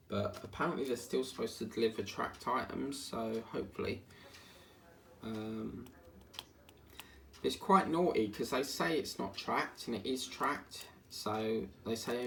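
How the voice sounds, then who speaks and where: A man's voice: on the low side, vocal fry, a bit bright. A man chatting casually and grumbling in asides while working on a diamond painting at home. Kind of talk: casual chat while crafting. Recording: distant mic, faint background hiss.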